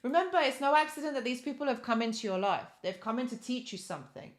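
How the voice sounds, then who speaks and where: A woman with a fairly high voice hosting a live stream. She speaks encouragingly in a motivational style and reads viewer comments aloud as she goes. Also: lively intonation, quick pace.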